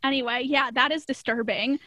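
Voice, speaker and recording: A woman's voice: sits high, fairly even intonation, brisk, pushed and bright, dry recording. A woman casually recapping a cartoon episode, chatty and often laughing mid-sentence. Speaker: podcast co-host.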